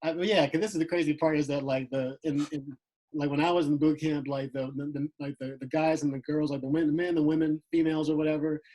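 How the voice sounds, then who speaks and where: Young air force vet co-host, slightly high voice, rambling chat, many fillers. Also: male voice, fairly even intonation, quick pace, mellow, poor audio. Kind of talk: casual chat.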